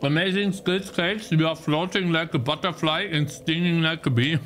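A young man streaming live gameplay commentary, swearing and yelling at the game, then apologizing. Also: a little high, steady tone, moderate pace, slight background noise.

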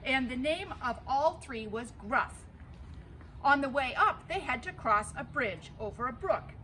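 A woman pastor reads a folk tale aloud, her voice high and full of swooping, animated pitch. She tells it in a theatrical storytelling manner, and a faint hiss runs behind her. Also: unhurried, low-quality recording.

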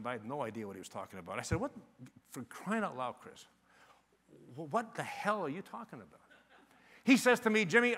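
An older man giving a live conference talk on sales, animated and joking as he tells stories. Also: a little high, long reverb tail. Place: conference venue.

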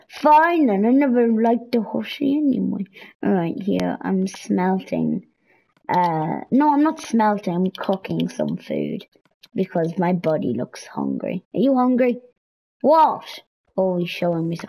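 A young woman giving casual, excitable commentary while playing a video game, pleading with and scolding game characters. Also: mid-range voice, unhurried, gravelly, husky, low-quality recording. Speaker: gameplay streamer. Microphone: headset or console mic.

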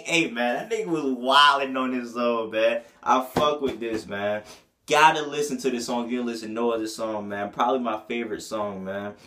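A man's voice: mid-range voice, moderate pace, bright, forceful tone, slight background noise. A man giving a casual, profane album review, full of slang and breaking into bits of the lyrics. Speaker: music reviewer.

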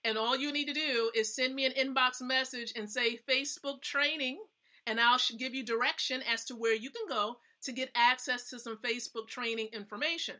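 Bright, chatty woman coaching on a live stream. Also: sits high, brisk. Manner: chatty, emphatic, asks the audience questions. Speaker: host.

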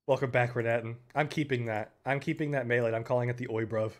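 A young man giving live commentary on a game, excitable, breaking into loud yells and laughter. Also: mid-range voice, brisk, pauses often. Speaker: game streamer.

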